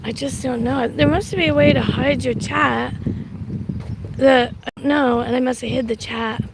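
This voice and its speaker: A woman live-streaming from outdoors, chatting casually to her viewers in a rambling, halting way. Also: high voice, steady tone, gravelly. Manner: rambling and halting, full of restarts. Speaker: livestreamer. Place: outdoors on a windy street. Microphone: phone livestream, audio only. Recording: loud wind and street noise.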